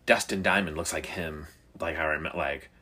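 A man's voice: extremely low pitch, brisk, pushed and bright, breathy edge. A middle-aged man telling stories in casual banter, swearing constantly and acting out his own reactions.

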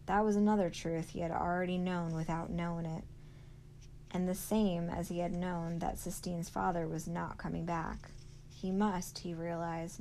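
Teacher lady reading a chapter book out loud, low gravelly voice, steady pace. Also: a little hiss or hum, rough recording. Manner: steady storytelling read-aloud. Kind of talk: reading a novel aloud.

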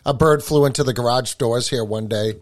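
A man's voice: medium pitch, a little fast. Easygoing man hosting a casual chat. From New England. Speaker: podcast host.

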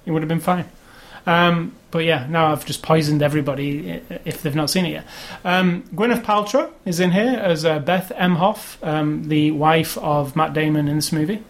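A man's voice: fairly high pitch, moderate pace. Opinionated man rambling about movies. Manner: rambling, opinionated, animated when complaining. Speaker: podcast co-host. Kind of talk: casual movie review chat.

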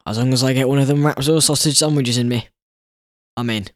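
A young man, co-hosting with his father and teasing him in a deadpan way with short answers. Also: mid-range voice, brisk, no echo, studio quality. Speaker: host's son, co-host.

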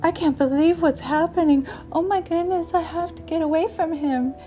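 A woman's voice: extremely high pitch, moderate pace, warm tone, soft background music, voice pushed up. A woman voicing a prim, fussy little female dog with prissy, put-upon exclamations. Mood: affronted.

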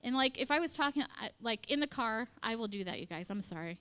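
A woman giving an animated devotional talk at church, acting out quotes and dropping into whispers. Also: on the high side, fast talker, clear, resonant tone. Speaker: church speaker.

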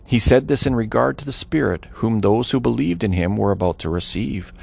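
A man's voice: mid-range voice, fairly quick, gravelly, darkish tone. A man reading scripture aloud with a dramatic, varied delivery, voicing the quoted speech. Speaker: scripture reader.

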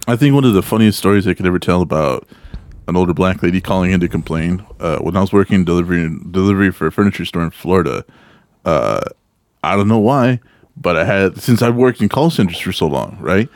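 Profane, animated man telling stories. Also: deep voice, fast talker, dry recording, studio quality. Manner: animated, profane, swings into loud hyped-up voices in retold calls. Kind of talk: casual storytelling chat.

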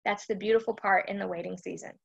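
A woman's voice: mid-range voice, fairly even intonation, fast talker, creaky, slightly rough, highs cut off. A woman from Texas, hosting a casual devotional live stream chat and often checking in with her listeners. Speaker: host of a faith chat.

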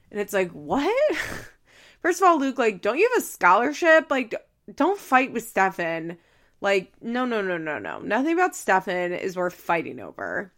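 A woman's voice: mid-range voice, big pitch swings, unhurried, fairly bright tone. A woman hosting a podcast, recapping a reality show in casual chat, laughing often and acting out the quoted lines. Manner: chatty, laughing, acts out quotes. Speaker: podcast host.

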